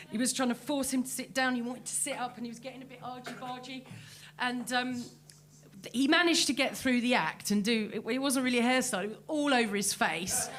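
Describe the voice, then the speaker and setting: A woman's voice: a little high, a bit bright. A woman hosting a memorial show, telling stories to a live audience with frequent laughter. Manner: chatty, laughing, calling on audience members. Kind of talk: casual anecdote to a live audience.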